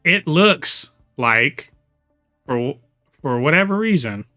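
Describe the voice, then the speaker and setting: A man's voice: fairly high pitch, lively intonation, takes it slowly, sharp tone, faint music behind. A man hosting a casual podcast chat, talking enthusiastically and rambling with lots of fillers. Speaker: podcast host.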